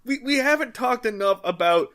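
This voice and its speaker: Lively bright-voiced man co-hosting. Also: very high voice, moderate pace. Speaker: podcast co-host. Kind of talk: casual podcast chat.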